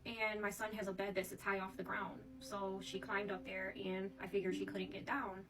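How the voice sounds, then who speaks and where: A woman's voice: mid-range voice, little pitch movement, normal speed, distant mic, low-quality recording. A woman giving a casual tarot reading, chatting to her viewers and often calling them "Divine Collective". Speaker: tarot reader.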